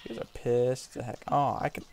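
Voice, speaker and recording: Brief: male let's-play host, gravelly tone, jokey trash talk at in-game creatures. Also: medium pitch, flat delivery, a little fast, a little mellow, a little hiss or hum. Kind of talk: casual gameplay commentary.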